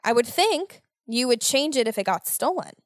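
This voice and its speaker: A young American woman hosting a podcast, telling a story in a casual, animated way with lots of swearing and exasperated ranting. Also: on the high side, moderate pace, no room sound, clean studio sound. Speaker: podcast host.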